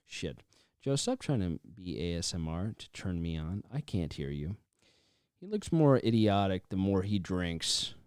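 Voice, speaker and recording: Man, low voice, animated delivery, joking banter, dry close mic. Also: measured pace, smooth, no echo. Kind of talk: casual livestream chat.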